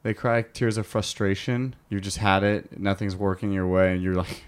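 A man's voice: low-pitched, little pitch movement, moderate pace, clear, resonant tone. A young man hosting a podcast with his father, talking in an easygoing, open way. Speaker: podcast host. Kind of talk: casual podcast chat.

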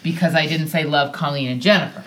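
An American woman casually telling a personal story on a podcast, animated and self-deprecating, laughing often as she talks. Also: deep voice, fast. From United States.

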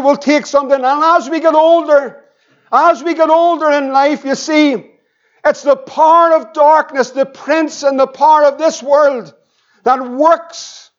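High-voiced preacher. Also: male voice. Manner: impassioned preaching with anecdotes and repeated questions. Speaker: pastor. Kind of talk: evangelistic sermon with storytelling. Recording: dull lo-fi church recording.

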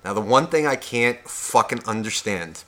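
Animated, bright-voiced man ranting. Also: mid-range voice, moderate pace. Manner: animated, profane, acts out both sides of conversations. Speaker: podcast co-host. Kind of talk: casual storytelling rant.

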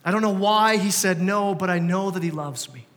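Man preaching, higher voice, conversational sermon, rhetorical questions, long hall reverb. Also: normal speed, a bit bright. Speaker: pastor. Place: church sanctuary.

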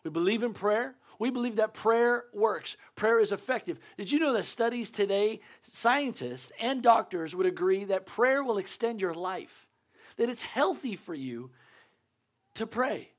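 A man's voice: sits high, animated, a little slow. A man preaching a conversational sermon as a pastor, earnest and urging, repeating his points with joking asides.

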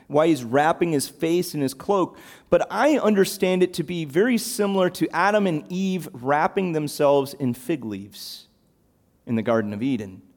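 A man preaching a sermon, animated and emphatic, throwing out rhetorical questions. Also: a little high, normal speed.

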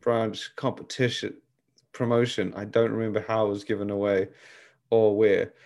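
A man hosting a podcast, chatting in a relaxed, loose way. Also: on the low side, normal speed. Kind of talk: casual chat.

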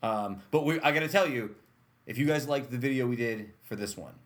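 A man with an Upstate New York accent hosting a casual podcast chat, a lively storyteller who laughs often. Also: medium pitch, brisk. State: slightly haggard. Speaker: podcast host.

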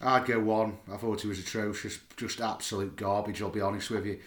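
A man's voice: fairly low pitch, flat delivery, fairly quick, reverberant. A man co-hosting a casual football fan chat, blunt and exasperated as he rates the players. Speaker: podcast co-host.

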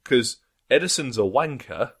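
A man's voice: medium pitch, expressive, a little slow, a bit bright. A man co-hosting a podcast, joking and swearing casually. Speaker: podcast co-host. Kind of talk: casual chat.

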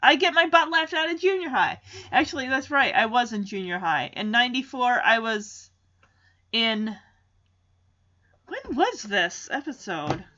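A woman's voice: a little high, expressive, measured pace, pushed and bright, lo-fi sound. A woman in her forties chatting casually as she recaps a sitcom episode, rambling into personal asides.

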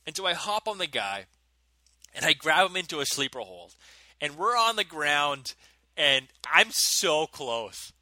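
A man in his thirties, a podcast co-host, telling stories in an animated way and laughing often. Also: on the high side, a little slow, no echo. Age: 30s. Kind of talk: casual chat.

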